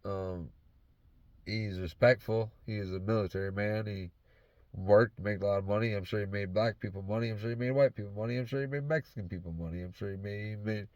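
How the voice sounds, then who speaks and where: A man's voice: fairly low pitch, fairly even intonation, brisk, a little mellow, no room sound. A man in his truck talking in a loose, rambling monologue, swearing heavily and slipping into a half-faked Southern drawl. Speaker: vlogger.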